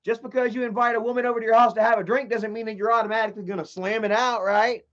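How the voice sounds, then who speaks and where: A man's voice: sits high, fairly even intonation, racing, a bit bright. A man streaming live, telling a long, rambling, profane personal story and reading chat messages aloud. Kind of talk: livestream storytelling. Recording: dull lo-fi stream audio.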